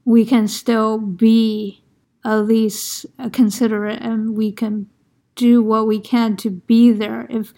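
Woman talking things through slowly, kinda high voice, lots of vocal fry. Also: flat delivery, mellow. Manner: measured and reflective, with small restarts. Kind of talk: casual chat.

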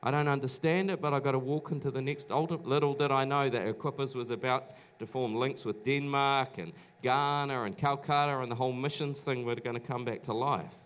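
With a steady, fairly bright medium-pitched voice, a middle-aged New Zealand man speaks a little fast and hardly pauses, over slight background noise. He's a pastor in a church auditorium giving a sermon with personal testimony, storytelling casually with many restarts and mimicked quotes.

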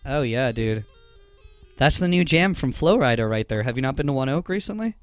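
A man's voice: mid-range voice, animated, fairly quick, no echo, soft background music. A man guesting on a comedy podcast, joking and playful in casual chat. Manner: joking, playful, says "dude" and "beautiful" a lot.

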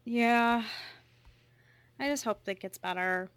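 Californian woman podcast co-host, higher bright voice, expressive, casually profane. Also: takes it slowly, clean tone, no room sound. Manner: bubbly, expressive, swears freely.

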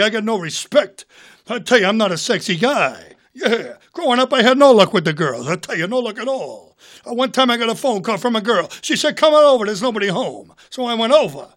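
A man impersonating a nervous, self-deprecating older comedian who fires loud one-liners. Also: high voice, sing-song, a little fast, full character voice. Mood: jittery. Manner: loud, jittery, one-liners, "I tell you".

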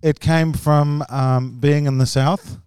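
A man from Lebanon, a comedian guest in a casual podcast chat, telling stories with animated energy. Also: fairly high pitch, takes it slowly, clear, resonant tone, dry recording, clean studio sound.

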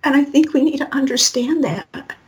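A woman's voice: high-pitched, moderate pace, poor audio. A middle-aged woman guest telling a personal story in an interview, acting out the voices of the people in it. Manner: animated storyteller acting out quotes.

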